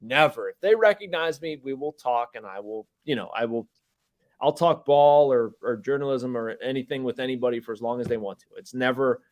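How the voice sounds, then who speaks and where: A man with an everyday mid-range voice co-hosts a sports podcast as a journalist. He tells stories quickly and modestly, sprinkling in "you know". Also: mid-range voice. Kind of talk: casual sports podcast chat.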